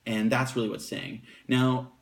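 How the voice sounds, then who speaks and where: A man teaching about a Bible passage in a relaxed, unscripted way, with fillers, slowing down whenever he reads verses aloud. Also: medium pitch, creaky.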